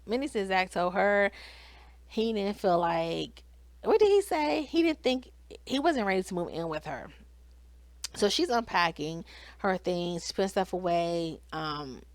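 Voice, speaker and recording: A woman's voice: lowish voice, no room sound. Chatty woman recapping a reality show. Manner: animated, talks straight to viewers, quotes cast in raised voice.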